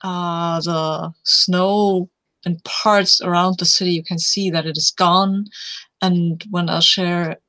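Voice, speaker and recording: Low-voiced woman, slow narration. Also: fairly even intonation, a bit bright. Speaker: player. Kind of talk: narrating a tabletop story game.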